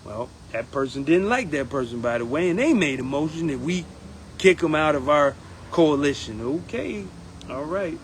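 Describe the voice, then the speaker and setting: A man speaking in a casual campaign monologue as a union steward, animated and acting out others in quotes. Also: on the high side, moderate pace, slight background noise, poor audio. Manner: animated, acts out members' voices in quotes. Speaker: union steward running for president.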